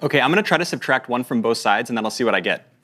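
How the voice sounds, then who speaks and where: Friendly presenter, man, lively intonation, casual. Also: medium pitch, racing. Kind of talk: live product demo.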